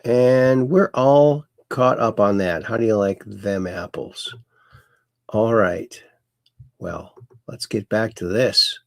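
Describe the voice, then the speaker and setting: A man's voice: medium pitch, animated, slow, creaky, no echo, clean studio sound. A man hosting a casual livestream, rambling and reading viewer comments aloud. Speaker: host.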